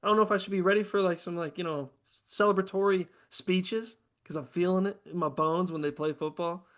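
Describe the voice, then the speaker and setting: A man hosting a casual podcast chat, talking in a profane, excitable, ranting way. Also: sits high, fairly quick. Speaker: host.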